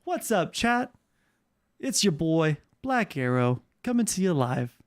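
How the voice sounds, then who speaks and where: A man voicing a smooth-talking male streamer greeting his chat, with a laid-back radio-style delivery. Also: on the high side, sing-song, slow.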